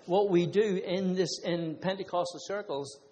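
Slightly mellow and pitched high, this Irish preacher speaks at a normal speed as he blends scripture, personal testimonies and asides aimed at the congregation. A long reverb from the hall fills the recording.

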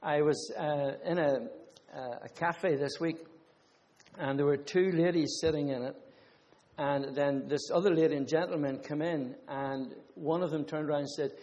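A man's voice: fairly high pitch, fairly even intonation, normal speed, a little mellow, dull audio. A man preaching a conversational sermon, mixing scripture with personal testimonies and asides to the congregation. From Ireland. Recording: long hall reverb.

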